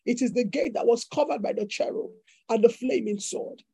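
Husky, high-voiced woman preaching fervently. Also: moderate pace, warm tone, no room sound, low-quality recording. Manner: fervent, repetitive declarations. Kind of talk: sermon.

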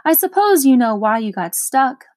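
A woman voicing a gruff, stern watchdog that scolds and barks in a storybook reading. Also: sits high, sing-song, normal speed, darkish tone, dry recording, clean studio sound. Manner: barking, scolding.

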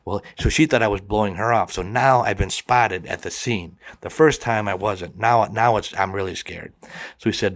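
A middle-aged man tells a personal story in a lowish voice, animated and quick to slip into the voices of the people in it. The sound is dry and close, with no room around him. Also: dry recording. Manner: animated, acts out the quoted voices. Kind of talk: personal story told to a listener.

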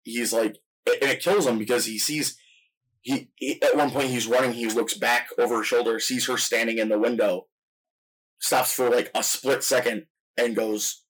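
A man's voice: medium pitch, steady tone, moderate pace, fairly bright tone, low-quality recording. Guy on a movie podcast going through a scene step by step, normal mid voice, laid-back chat. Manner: retells movie scenes in long detailed play-by-play. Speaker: podcast co-host. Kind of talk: casual film discussion.

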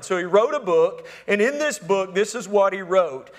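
A man preaching a sermon as pastor, asking the congregation to fill in words and swinging between emphatic calls and hushed, near-whispered lines. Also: high-pitched, moderate pace, hardly any pauses. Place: church sanctuary. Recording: long hall reverb.

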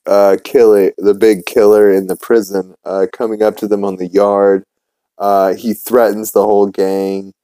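A man's voice: on the low side, dark tone, no echo. A man hosting a podcast, casually recapping a cartoon episode with lots of ums and uhs. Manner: rambling, many fillers. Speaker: podcast host.

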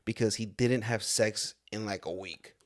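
A man's voice: lowish voice, steady tone, normal speed, very noisy. A young man co-hosting a podcast in casual chat, teasing and steering the topic. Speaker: podcast co-host.

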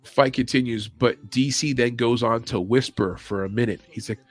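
A man hosting a late-night livestream, chatting loosely with his viewers and swearing freely, and now and then mimicking commentators with sudden yells and whispers. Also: medium pitch, moderate pace. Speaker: podcast host. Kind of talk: casual livestream chat. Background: faint music playing.

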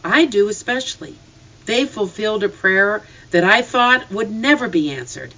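Gentle middle-aged farm mother, as a storyteller puts her on, soft and comforting, bright tone, recorded a little far off and lo-fi. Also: mid-range voice, animated, normal speed, voice pushed up. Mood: soothing. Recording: slightly distant, dull lo-fi.

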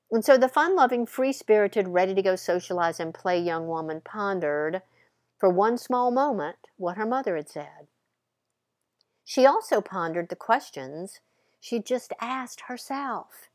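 A woman's voice: medium pitch, animated, measured pace, dry recording, studio quality. A woman hosting a podcast, telling a story playfully and dramatically with voiced characters. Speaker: podcast host. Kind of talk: storytelling monologue.

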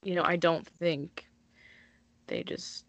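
A woman's voice: low-pitched, steady tone, slow pace, vocal fry, dry recording. A woman co-hosting a podcast, talking in a blunt, emphatic way and swearing freely. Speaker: podcast co-host. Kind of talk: casual chat.

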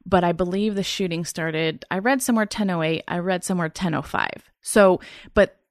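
This is a woman in her thirties telling her own story as a guest in a sit-down interview. Her voice sits slightly low and is recorded close and dry, with no room sound. She speaks earnestly but haltingly, often pausing, restarting and reaching for words. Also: no echo. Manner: halting, earnest retelling with frequent fillers and restarts. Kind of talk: personal testimony in a sit-down interview.

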